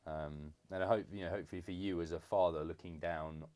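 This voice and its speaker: A young man from England in a casual podcast chat with his father, halting and full of fillers. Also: low-pitched, steady tone. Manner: hesitant, many fillers and restarts, warm teasing. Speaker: podcast co-host, son. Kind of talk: casual conversation.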